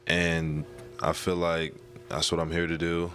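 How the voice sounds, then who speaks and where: A young man, a basketball player, answering interview questions in a calm, casual way. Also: low voice, a little slow, soft background music.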